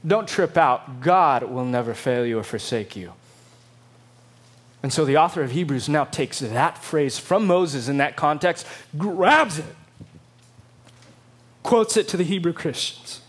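A man preaching a sermon, emphatic and dramatic, acting out quotes in lively voices. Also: fairly high pitch, measured pace, pauses often. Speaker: pastor.

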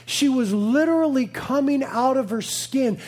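A man's voice: very high voice, a little slow, a little mellow. A man in his thirties, a pastor preaching a sermon, telling a family story with playful asides and earnest conviction.

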